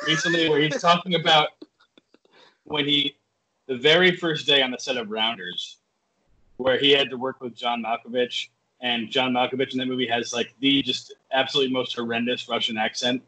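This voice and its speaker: Podcast guest, male: husky, bright, loose and animated. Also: mid-range voice, moderate pace, poor audio. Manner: animated storyteller, swears casually. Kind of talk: casual chat. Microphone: video call.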